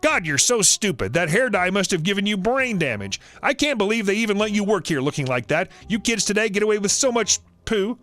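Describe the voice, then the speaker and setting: Entitled older woman shopper, scolding and insulting, raised pitch, as a male narrator puts her on. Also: sing-song, a little fast, few pauses, fairly bright tone, soft background music.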